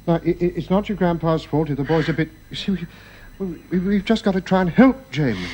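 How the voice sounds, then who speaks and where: A gentle middle-aged father in a radio drama, as a man plays him, soothing and hesitant, tripping over his words. His voice sits a little high. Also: brisk, slight background noise, close to an everyday voice.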